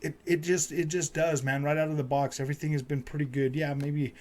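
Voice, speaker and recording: This is a gaming and tech channel host, a man with a fairly high voice, letting off steam at his audience in a casual, frustrated rant. His delivery is brisk and flat, full of repetition and lots of "man" and "dude."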